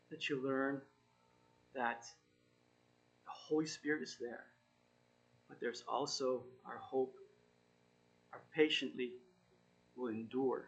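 A Bible study teacher gives an informal sermon, reading scripture and encouraging listeners in an earnest, halting way, often correcting himself. His voice is medium-pitched and fairly bright, and the audio quality is poor.

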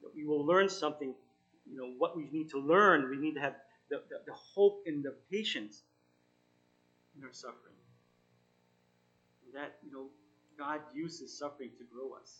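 A man giving an informal sermon, reading scripture and encouraging his listeners in an earnest, halting way with frequent self-corrections. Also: fairly high pitch, bright, forceful tone, lo-fi sound. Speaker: Bible study teacher.

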